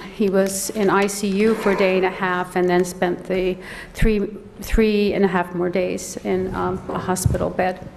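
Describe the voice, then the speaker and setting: A middle-aged woman, a mother and advocate, giving public comment at a county board meeting, emotional and close to tears, halting and repeating words. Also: mid-range voice, creaky. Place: large council chamber. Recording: long hall reverb, faint noise.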